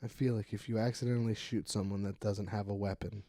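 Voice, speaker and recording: A man's voice: on the low side, steady tone, fast, no echo, clean studio sound. A man co-hosting a comedy podcast in casual chat, joking and laughing often. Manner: joking, acts out loud silly quotes, laughs often. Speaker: podcast co-host.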